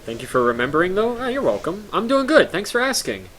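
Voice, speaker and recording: A man's voice: high voice, wildly swooping pitch, fast, a bit bright, a little hiss or hum, rough recording. A man streaming live, chatting casually to his viewers, a little tired, rambling through stories with lots of fillers and restarts and chuckling often.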